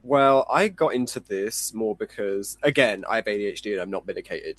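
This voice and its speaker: Man, podcast guest, illustrator, expressive swinging pitch, dry close sound, self-deprecating, rambling. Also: a little fast, few pauses, dry recording. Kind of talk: casual podcast interview.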